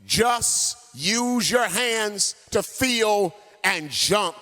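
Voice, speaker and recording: A man's voice: high voice, animated, drawn-out words, sharp tone, voice pushed up, exaggerated voice. A man preacher playing a desperate father who urges and coaxes his son, commanding and insistent. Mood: urgent coaxing. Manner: urgent, commanding. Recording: long church hall reverb.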